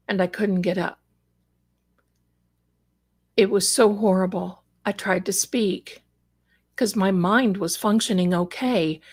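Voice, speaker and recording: A middle-aged woman telling a personal story on a live stream, acting out the voices of the people in it with emotion. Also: mid-range voice. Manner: emotional, acts out quoted voices. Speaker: psychic guest telling her story.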